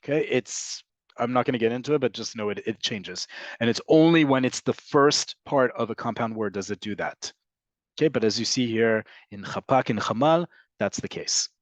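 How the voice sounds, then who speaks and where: A man's voice: medium pitch, moderate pace, dry recording. A man teaching an online class, patiently explaining and answering questions with frequent fillers and "right?" checks. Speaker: Hebrew teacher. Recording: dull lo-fi dry audio.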